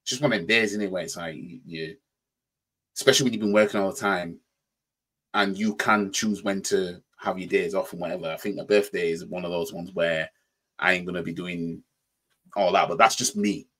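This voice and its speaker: Yorkshire bloke, reaction host, low husky voice, repeats himself, casual rant. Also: male voice, steady tone, brisk, fairly bright tone. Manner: repeats "you know what I mean", stammers on restarts; mocking mimicry in quoted voices.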